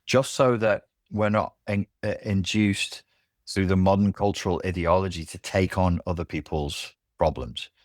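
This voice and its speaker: A man speaking as a podcast guest in a candid conversation, blunt and animated, who swears freely. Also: low-pitched, normal speed, no room sound, clean studio sound. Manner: blunt and animated, swears, acts out quoted voices.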